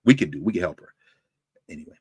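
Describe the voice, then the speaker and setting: A man lecturing to a university class, talking in a lively, conversational way with frequent asides to his students. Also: deep voice, fast talker, breathy edge, no room sound. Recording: dry close sound.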